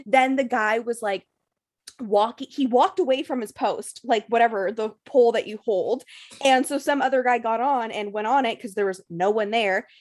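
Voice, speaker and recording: A young woman with a slightly high voice rattles through a story in casual podcast chat. She swears constantly and packs "like" into nearly every phrase. She tells it as a run of breathless, jumbled clauses. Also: normal speed, a little mellow. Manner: profane, breathless storytelling full of "like" fillers.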